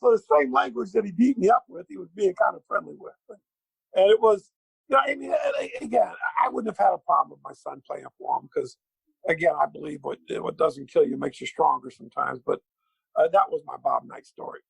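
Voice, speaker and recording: A middle-aged man spins a basketball story, acting out every quote with gusto. His voice sits high and runs gravelly and husky. The sound is dry and close. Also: a little fast, dry recording, low-quality recording. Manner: lively anecdote teller, acts out quotes. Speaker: guest, former pro basketball player. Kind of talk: animated storytelling.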